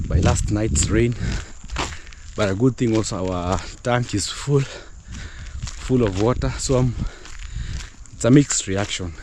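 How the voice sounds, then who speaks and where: A man's voice: fairly low pitch, background noise. A man vlogging casually on his farm, chatty and loose with fillers and restarts, out of breath from walking uphill. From East Africa. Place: outdoors on a rural farm.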